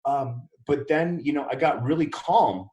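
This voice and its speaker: A man's voice: fairly high pitch, a little slow, darkish tone. A man telling his story as a podcast guest, acting out the dialogue he quotes. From Wisconsin. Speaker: podcast guest, real estate investor. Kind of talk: casual interview storytelling. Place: Dallas, Texas. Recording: roomy echo.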